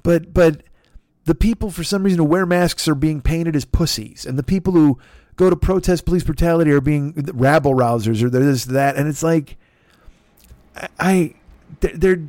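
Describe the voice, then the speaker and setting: A man's voice: normal speed, long pauses, mellow, no echo, studio quality. A man, the host, delivering a heated, profane comedic political rant. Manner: heated, profane, sweeping swings in pitch.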